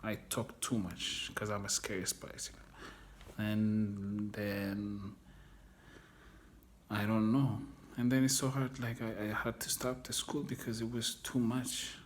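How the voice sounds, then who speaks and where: A man's voice: fairly low pitch, little pitch movement, unhurried, a little hiss or hum. A man telling his own story in an interview, frank and rambling, searching for words and swearing casually. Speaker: documentary interviewee. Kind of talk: candid personal storytelling.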